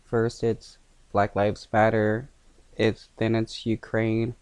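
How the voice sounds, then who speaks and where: A man reacting to a news clip in casual commentary, scoffing and talking haltingly with many fillers and restarts. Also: fairly low pitch, completely flat delivery, darkish tone, smooth, no echo.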